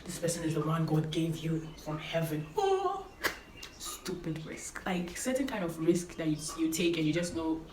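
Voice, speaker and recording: A young woman gives earnest, emphatic advice to her viewers, repeating her key points. Her voice sits a little low. The room is roomy and echoey, with a faint hum of noise behind her. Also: very animated, moderate pace. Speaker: vlogger giving life advice. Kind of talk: casual talking-to-camera advice.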